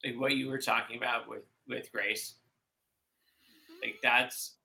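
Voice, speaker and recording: A man talking as a guest in an interview, with a bright, pressing voice. He rambles and stops himself often, restarting sentences and filling gaps with "like.". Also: mid-range voice, level tone, creaky, poor audio. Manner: rambling, halting, many fillers and restarts. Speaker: podcast guest. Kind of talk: emotional conversational interview.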